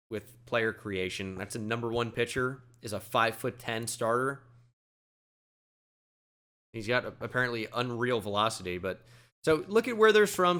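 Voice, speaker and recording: Young male gaming commentator, bright voice, casual play-by-play, excitable. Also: medium pitch. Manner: excitable play-by-play, erupting on big plays.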